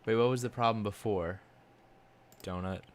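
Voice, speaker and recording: A young man giving casual commentary while learning 3D software, exasperated and muttering to himself. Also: lowish voice, normal speed, a little hiss or hum. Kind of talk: casual screen-recorded commentary.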